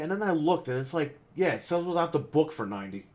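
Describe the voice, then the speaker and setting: Exasperated man ranting, slightly high voice. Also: expressive, fast talker, darkish tone. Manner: exasperated, swears a lot, acts out quotes. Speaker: podcast co-host and game store owner. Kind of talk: casual ranting story.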